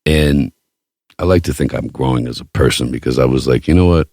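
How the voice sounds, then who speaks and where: A man hosting a podcast, telling a story in casual chat with a profane, boastful, animated way of talking. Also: very deep voice, fairly quick, husky, no echo, studio quality. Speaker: podcast host.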